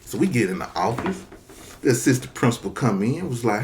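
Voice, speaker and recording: A man telling a comic story from his childhood, profane and animated, acting out the people in it. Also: mid-range voice, a little fast, a little hiss or hum. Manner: profane, animated, acts out characters. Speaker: comedian storyteller.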